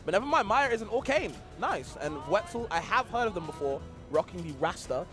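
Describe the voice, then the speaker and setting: A man's voice: high voice, sing-song, brisk, over music. A man with a non-American accent commentating a live esports tournament, chatty and laughing often, rambling with lots of fillers.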